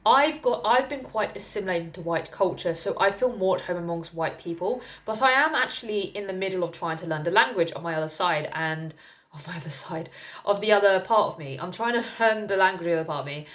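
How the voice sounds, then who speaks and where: A young woman from England talks candidly to her camera in a relaxed personal vlog. Her voice sits a little low for a woman, and she rambles, circling back with fillers before landing her point. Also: a little fast. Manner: candid and chatty, with frequent fillers and laughs. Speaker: vlogger. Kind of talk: casual personal talk to camera.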